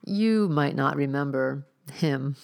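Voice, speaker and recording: A woman reading the part of a polite, mysterious young gentleman who speaks quietly and gently, in a low, gravelly voice. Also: moderate pace. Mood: hushed.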